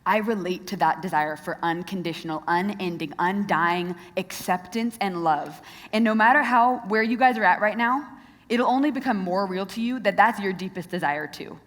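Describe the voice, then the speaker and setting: A woman's voice: medium pitch, moderate pace, fairly bright tone. Earnest young woman speaking in a hall. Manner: earnest, direct, asks the crowd questions. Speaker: Christian speaker. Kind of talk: youth talk to a live audience. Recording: long reverb of a large hall.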